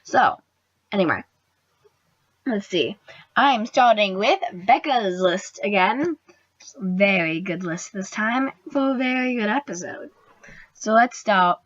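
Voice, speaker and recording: A young woman talks fast and eagerly about an episode she loved, gushing over the characters and now and then dropping into a hushed aside. Her voice sits in a middle range. The recording is dry and a little dull, like a basic home setup. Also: medium pitch, no echo. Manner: gushing, excitable, drops into whispers. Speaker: booktuber reviewing a TV episode. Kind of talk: casual video review.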